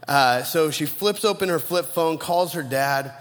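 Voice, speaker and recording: A man's voice: on the high side, unhurried, soft background music. Pastor man telling a story in a hall. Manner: storytelling with humor and animated quoted voices. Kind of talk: sermon.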